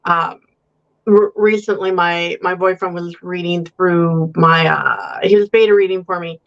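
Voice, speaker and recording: A woman's voice: lowish voice, steady tone, unhurried, dull audio. A woman author talking as a guest in a casual chat, wry and joking, laughing often.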